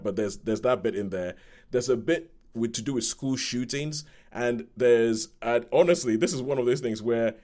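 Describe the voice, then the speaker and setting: A man's voice: medium pitch, a little mellow. A man, co-hosting a podcast, chatting casually about a film, rambling and restarting often and acting out quotes. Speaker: podcast co-host. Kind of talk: casual film review chat.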